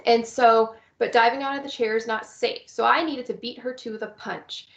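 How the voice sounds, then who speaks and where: A woman's voice: fairly high pitch, fairly even intonation, moderate pace, creaky, a bit bright, roomy sound, dull audio. A woman teaching about young children with visual impairments, explaining step by step in a recorded presentation. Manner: explains step by step, acts out cheerful teacher lines.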